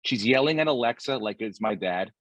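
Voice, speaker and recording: A man's voice: fairly low pitch, expressive, a little fast, a bit bright, dry recording, highs cut off. A man in his forties hosting a podcast, telling rambling, profanity-laced stories in a casual chat. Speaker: podcast host.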